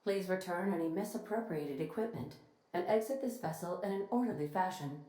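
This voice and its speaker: A woman voicing a polite, literal-minded female ship computer in a video game, speaking in a formal, precise, evenly measured way. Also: fairly low pitch, expressive, dark tone, lightly acted. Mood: formal warning. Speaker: ship's AI. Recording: echoey game audio with faint music.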